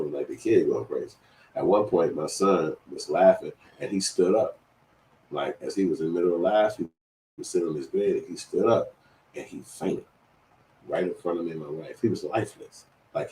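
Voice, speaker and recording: Deep-voiced middle-aged man telling a rambling story. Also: mellow, echoey room, recorded from a distance, slight background noise, rough recording. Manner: loose, profane, rambling with many restarts. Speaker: commenter telling a personal story. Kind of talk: casual storytelling.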